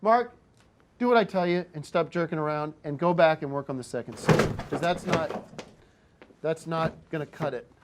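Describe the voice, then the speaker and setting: A man's voice: a little high, moderate pace, heavy background noise. A man hosting a show, angrily berating and swearing at a co-host. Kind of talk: heated on-air argument.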